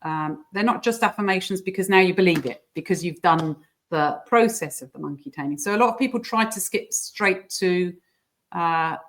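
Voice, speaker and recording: Lowish-voiced woman coaching in chat. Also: normal speed. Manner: explanatory, uses playful squeaky voices for examples. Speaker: guest coach. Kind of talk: casual interview chat.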